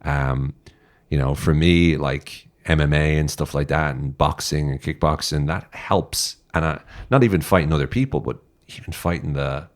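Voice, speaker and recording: Podcast guest: Irish man, very low voice, blunt and profane, direct. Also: normal speed. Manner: blunt, swears freely, direct advice. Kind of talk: casual interview talk.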